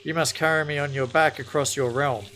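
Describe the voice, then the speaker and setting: A man's voice: on the high side, steady tone, fairly quick, fairly bright tone, slight background noise, close to an everyday voice. Man putting on a sly crocodile with a Jamaican accent. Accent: put-on Jamaican. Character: sly male crocodile trickster from a folk tale.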